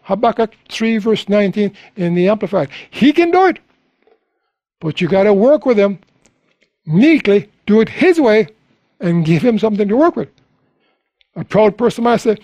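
A man's voice: high-pitched, lively intonation, normal speed, long pauses, warm tone, dry recording. A man preaching a sermon, telling a personal story and climbing to emphatic peaks. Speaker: pastor.

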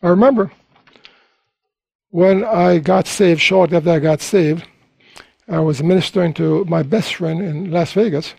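A man's voice: high-pitched, measured pace, vocal fry, long pauses, a little mellow, breathy edge, no room sound. A man preaching a sermon, telling a personal story and climbing to emphatic peaks. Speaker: pastor.

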